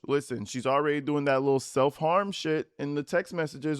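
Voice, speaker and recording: A man's voice: fairly high pitch, normal speed, few pauses, clean tone, no room sound, studio quality. Profane mocking man reacting to clips. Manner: mocking, profane, reads text messages in put-on voices. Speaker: commentary channel host. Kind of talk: reaction commentary over interview clips.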